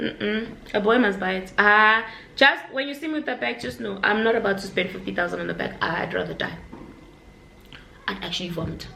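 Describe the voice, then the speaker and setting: Talking directly to camera in a casual vlog, a young woman speaks openly to her audience at a moderate pace. Her mid-range voice is gravelly yet bright and pushed, and the echoey room carries a little faint noise.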